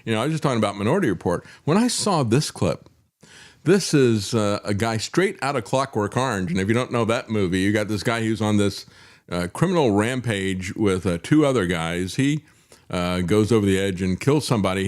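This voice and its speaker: Man hosting a commentary show, lively pitch, sarcastic, indignant, lots of uh fillers. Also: brisk. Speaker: host. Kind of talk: political commentary talk show.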